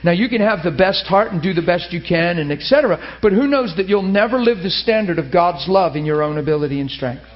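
High-voiced man preaching, lo-fi. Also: fairly quick, few pauses. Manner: animated storytelling, laughing, high excited asides. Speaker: pastor. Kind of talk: sermon.

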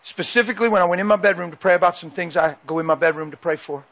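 High-voiced man preaching emphatically. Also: racing, a bit bright. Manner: emphatic, repeats phrases for weight. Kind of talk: sermon. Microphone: handheld mic.

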